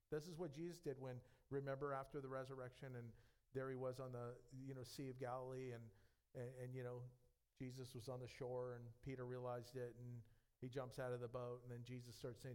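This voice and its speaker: A man's voice: medium pitch, level tone, fairly quick, darkish tone, clear, resonant tone. A man preaching a sermon as pastor, earnest and conversational, with frequent fillers and restarts.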